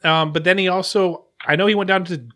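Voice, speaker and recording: A man's voice: high voice, steady tone, a little fast, pushed and bright. A man hosting a casual podcast chat, rambling and restarting his sentences as he tells stories. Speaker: podcast host.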